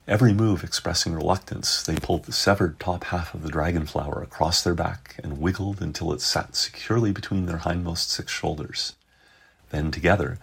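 A man narrating a science fiction story in measured, dramatic storytelling. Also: low-pitched, vocal fry, fairly bright tone, husky. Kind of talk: scripted narration.

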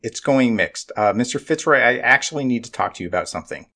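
A man's voice: mid-range voice, lively intonation, fast talker, vocal fry, pushed and bright, heavily acted. A man voicing a flustered young alien lawyer. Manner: earnest, flustered, stammering. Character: young male alien lawyer, small and earnest.

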